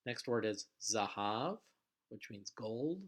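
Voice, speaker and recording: Male language teacher, lowish voice, patient explanatory lecture delivery with frequent uhs. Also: lively intonation, takes it slowly, fairly bright tone. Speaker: Hebrew teacher. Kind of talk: recorded vocabulary lecture.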